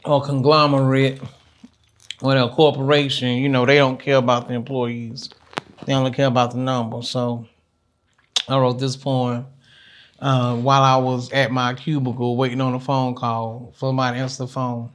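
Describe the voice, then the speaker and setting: A man's voice: mid-range voice, little pitch movement, moderate pace. A man, a laid-back, joking interview guest who slips into rhythmic poetry. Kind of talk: casual interview chat and spoken poem.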